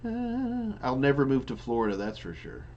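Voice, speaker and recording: A man who is an IT trainer hosts a live Q&A stream, reading viewer questions aloud and answering in a loose, chatty way with many restarts while yawning repeatedly. His medium-pitched voice swings hugely in pitch, with a moderate pace and a darkish tone. The highs are cut off and there is slight background noise.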